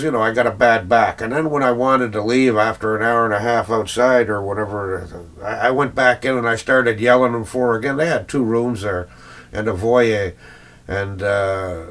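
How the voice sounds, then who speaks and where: A middle-aged Canadian record collector rambles casually through a vlog, his medium-pitched, slightly bright voice peppered with fillers and small chuckles.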